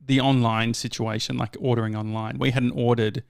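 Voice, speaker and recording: An Australian man co-hosting a casual podcast, wandering through his stories and restarting his sentences as he goes. His voice sits at an ordinary middle pitch, and the sound is dry and close on the mic. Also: flat delivery, normal speed, gravelly, clean tone, no room sound. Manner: rambling, self-correcting storyteller. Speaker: podcast co-host. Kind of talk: casual chat.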